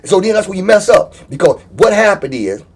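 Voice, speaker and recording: A man in with a husky voice. He tells a story as a co-host, his pitch climbing and dropping all over. He laughs his way through the telling. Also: big pitch swings, a little fast. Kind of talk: casual chat, storytelling.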